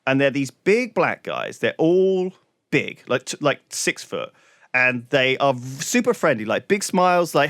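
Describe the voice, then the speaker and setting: A man's voice: medium pitch, very animated, a little slow, fairly bright tone, no echo, clean studio sound. A young man, a podcast co-host, telling a story in a rambling way full of "like" and restarts. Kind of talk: casual podcast chat.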